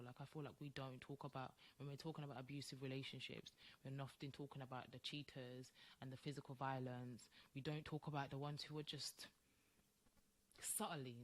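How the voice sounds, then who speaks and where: Emphatic woman co-hosting a podcast. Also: very deep voice. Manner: emphatic, animated, acts out quoted voices. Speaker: podcast co-host. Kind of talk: casual podcast chat.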